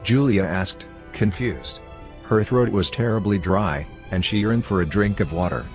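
A man reads a story aloud in a steady, even way. His voice is very low and deep. Faint music plays quietly behind him. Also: a little slow. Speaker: narrator. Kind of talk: fan fiction audiobook reading.

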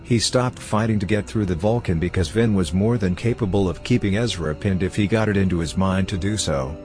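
A man reading a story aloud as narrator in a steady, even manner. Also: sits low, brisk, soft background music. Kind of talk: fan fiction audiobook reading.

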